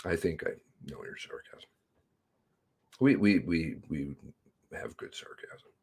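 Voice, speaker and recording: Slow, sardonic man hosting a livestream. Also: low-pitched, sing-song, a little mellow, slightly rough. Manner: drawling, sardonic, greets viewers by name. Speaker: livestream host reading chat. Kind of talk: casual livestream chat.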